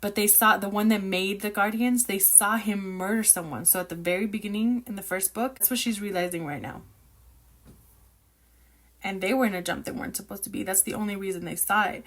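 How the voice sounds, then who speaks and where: A woman rambles through her thoughts on a novel in a casual, chatty way. She is excitable and opinionated, her voice sitting at an ordinary middle pitch. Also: fairly quick. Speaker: book reviewer reacting while reading. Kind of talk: casual book reaction chat.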